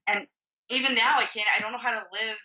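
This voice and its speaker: A woman's voice: a little high, steady tone, quick pace, bright, forceful tone, far from the mic, dull audio. A woman in her twenties, a podcast guest, telling her story in candid casual chat, swearing freely and saying "like" a lot. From Florida. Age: 20s. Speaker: podcast guest, bodybuilding competitor.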